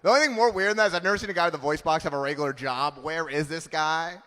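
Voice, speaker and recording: Punchy self-mocking comedian, slightly high voice. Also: male voice, racing, pushed and bright, long reverb tail. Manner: punchy, self-mocking delivery with acted-out quotes. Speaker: stand-up comedian. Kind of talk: stand-up comedy set. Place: comedy club stage.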